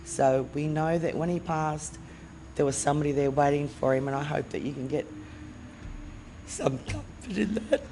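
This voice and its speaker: A woman giving a fond, gently reminiscing eulogy for her brother at a funeral. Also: sits low, normal speed, slight background noise, low-quality recording. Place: funeral service.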